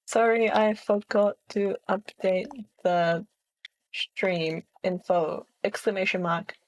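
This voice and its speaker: A woman's voice: medium pitch, steady tone, slow pace. A woman streamer chatting casually with her viewers, playful and giggling often between phrases. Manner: playful, chatty, reads chat aloud.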